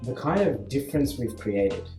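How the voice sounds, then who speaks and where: A man's voice: mid-range voice, sing-song, moderate pace, warm tone. A man with an Australian accent, a maths teacher from Western Sydney, talking casually and emphatically with his former student. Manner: earnest, emphatic, asks "right?" often. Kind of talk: casual chat. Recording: echoey room with faint music.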